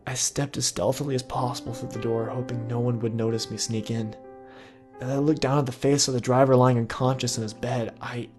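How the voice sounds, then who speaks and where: A man reading a horror story aloud in a measured, somber tone. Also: mid-range voice, fairly even intonation, a little mellow, faint music behind. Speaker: narrator. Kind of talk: scripted horror story narration.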